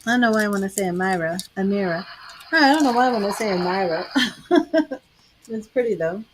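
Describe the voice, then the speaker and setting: A woman's voice: on the high side, expressive, brisk, background noise. An older woman giving tarot readings on a live stream, chatting with viewers by name. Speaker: tarot reader.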